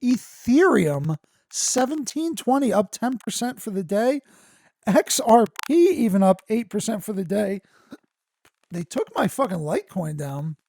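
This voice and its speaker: A man hosting a podcast, reading news articles aloud and breaking into profane, excitable asides. His voice turns squeaky when he gets worked up. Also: unhurried. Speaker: podcast host.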